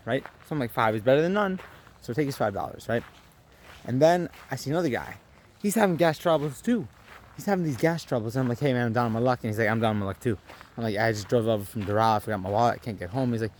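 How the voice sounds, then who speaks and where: A young man vlogging, telling a story with animated delivery and acting out his own lines. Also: mid-range voice, fast talker, a little hiss or hum. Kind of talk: storytelling vlog.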